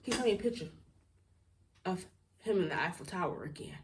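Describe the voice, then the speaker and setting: A woman's voice: fairly low pitch, lively intonation, brisk, long pauses, far from the mic, slight background noise. A young woman telling a storytime to her viewers in a casual, blunt, outspoken way, laughing and swearing as she goes. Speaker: storytime vlogger.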